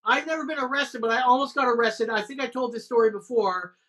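A male comedian tells animated, swear-filled stories over a video call. His voice is bright and forceful. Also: very high-pitched, fast talker, low-quality recording. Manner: animated, profane anecdotes. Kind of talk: casual storytelling on a video call.

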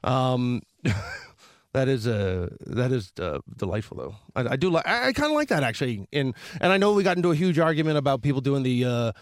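A man's voice: mid-range voice, animated, brisk, no echo, clean studio sound. A man in casual podcast chat, joking and teasing with leading questions.

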